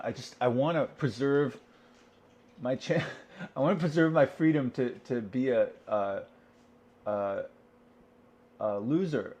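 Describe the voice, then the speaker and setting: In a dull lo-fi recording, a vlogger with a medium-pitched, slightly mellow voice rants alone at home. He rambles profanely, talking to himself as he poses questions and then answers them.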